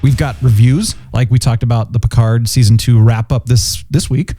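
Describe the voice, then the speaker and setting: A man co-hosting a podcast in casual chat, animated and jokey, quick to laugh. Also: medium pitch, faint music behind. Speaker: podcast co-host.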